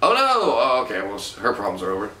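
A man casually commenting on a video game as he plays, excitable, swearing, laughing and yelping often. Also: lowish voice, fast talker, recorded from a distance. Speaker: let's play host, player. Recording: roomy, somewhat off-mic, faint hiss.

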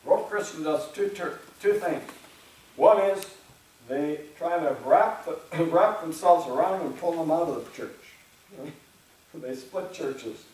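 A man preaching a sermon as pastor in a church, talking in a conversational way, often clearing his throat and acting out imagined churchgoers. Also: on the high side, slow pace, a little mellow, distant mic. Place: church sanctuary. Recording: very echoey church room, speaker away from the mic.

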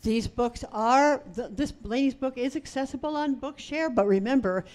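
A woman emcee makes upbeat announcements to a meetup crowd, speaking up loudly. Her voice is high for a woman. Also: normal speed. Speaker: event organizer.

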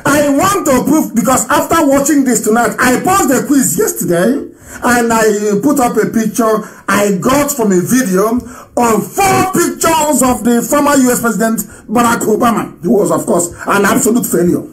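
A middle-aged man from Nigeria speaks in a fairly high voice during a live broadcast. He is scornful and animated, laughing often and swinging between loud outbursts and low muttered asides. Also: moderate pace, rough recording. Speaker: broadcaster addressing listeners.

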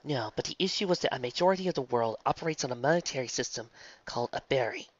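A man voicing a remorseful, regal female pony princess, speaking in a soft, measured way. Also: medium pitch, expressive, lightly acted. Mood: solemn. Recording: dull lo-fi, dry.

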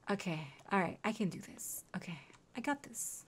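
A woman's voice: mid-range voice, lively intonation, moderate pace, breathy edge. A young woman streaming a game, chatting casually and cooing at her in-game pets. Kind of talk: casual gameplay commentary.

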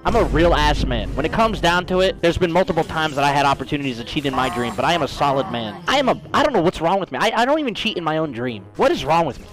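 A young man streaming a game, chatting crudely and excitably, breaking into shouts. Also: on the high side. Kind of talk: casual gaming stream chatter.

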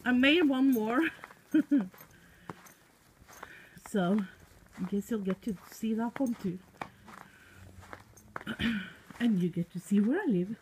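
A woman's voice: mid-range voice, lively intonation, takes it slowly, pauses often, mellow, slight background noise, rough recording. Giggly Norwegian woman filming outdoors. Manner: chatty, giggly, baby-talk to her puppy. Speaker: vlogger. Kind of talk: casual outdoor vlog filmed on a phone. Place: outdoors in the snow by her house. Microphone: phone held in hand.

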